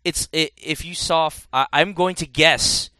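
A man's voice: on the high side, fairly even intonation, a little slow, bright, forceful tone, smooth, dry recording. A man in casual podcast chat, rambling and correcting himself as he reviews a game. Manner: rambling, self-correcting, chatty.

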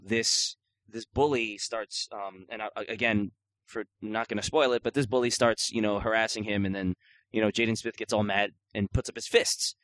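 A man's voice: mid-range voice, a bit bright, no room sound. A man hosting a gaming podcast in casual chat, joking and rambling with lots of filler words. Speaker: podcast host.

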